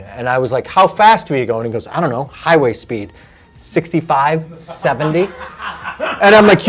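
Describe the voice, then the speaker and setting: A man telling a story in casual chat, animated and profane, quoting his friends. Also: a little high. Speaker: guest comedian.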